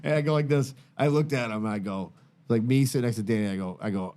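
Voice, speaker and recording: A middle-aged man telling a long, profane, rambling story in casual podcast chat, animated and full of tangents. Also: mid-range voice, fast talker. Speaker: podcast host.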